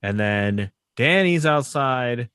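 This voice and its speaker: A man's voice: mid-range voice, lively intonation, slow, a bit bright, clean tone, no echo. A man co-hosting a podcast, casually retelling a sitcom plot, often laughing and acting out the characters' lines. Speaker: podcast co-host. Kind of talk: casual chat recapping a sitcom episode. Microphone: podcast microphone.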